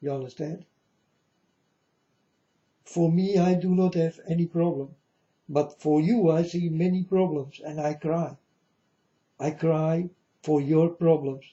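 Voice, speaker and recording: A man's voice: fairly high pitch, fairly even intonation, slow pace, pauses often, mellow, highs cut off. Earnest man warning his folks. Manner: repetitive, earnest, addresses listeners as folks. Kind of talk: rambling spoken warning to viewers.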